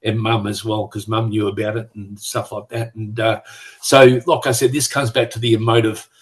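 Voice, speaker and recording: Older Australian man, low and flat voice, halting, restarting often, retired police superintendent, video call interview. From Western Australia. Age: 60s. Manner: halting and reflective, frequent restarts. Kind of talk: conversational interview.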